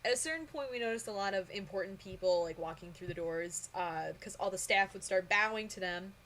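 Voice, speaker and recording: A young woman chats straight to camera, telling her story in a loose, rambling way. She gushes and gets excitable, and her speech is full of fillers. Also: medium pitch, fairly quick, a little hiss or hum. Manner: excitable, gushing, lots of fillers. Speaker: vlogger. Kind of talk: casual storytelling vlog.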